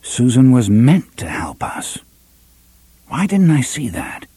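A terse young gunslinger speaks in short, firm lines, voiced by a man reading an audiobook. The voice is husky and mellow, with lively rises and falls. It sounds close and dry. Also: mid-range voice, takes it slowly, no echo, heavily acted. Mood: thoughtful. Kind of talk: audiobook character voice.

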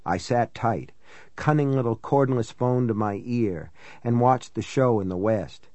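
Male audiobook narrator, first-person, measured, reflective, mid-pitched, dry booth sound. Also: darkish tone, dry recording.

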